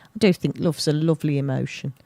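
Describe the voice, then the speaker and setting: A woman's voice: sits low, fairly quick, gravelly, warm tone, no room sound. A woman, presenting a local radio show in a rambling, chatty way, interrupting herself with asides. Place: radio studio. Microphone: studio microphone.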